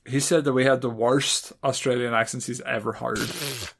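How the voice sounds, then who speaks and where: A man's voice: medium pitch, fairly even intonation, normal speed, gravelly, fairly bright tone. A man co-hosting a podcast, chatting casually, telling a story and cracking jokes with frequent laughs. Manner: laughs often, jokey asides. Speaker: podcast co-host.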